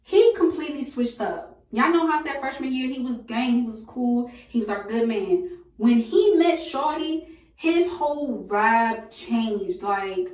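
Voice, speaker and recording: Animated young woman telling a story. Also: a little high, measured pace. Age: young adult. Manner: animated, slangy storytelling with laughs. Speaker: storytime vlogger. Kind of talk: casual storytime chat. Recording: echoey room from a distance.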